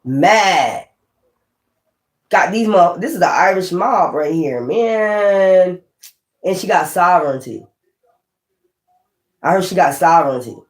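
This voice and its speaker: A woman giving a casual tarot reading, blunt and profane, thinking aloud as she goes. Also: on the low side. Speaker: tarot reader. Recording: roomy echo.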